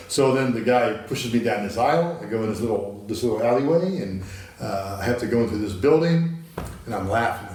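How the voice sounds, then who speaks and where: A man's voice: lowish voice, brisk, darkish tone, far from the mic, slight background noise. A man from the United States, a guest in a studio interview, telling stories casually with many restarts. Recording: very echoey, from the mic.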